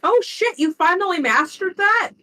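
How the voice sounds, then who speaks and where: A woman playing a tabletop game, excitable and quick to swear and yelp in surprise. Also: very high-pitched. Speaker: player. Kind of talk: tabletop role-play chat.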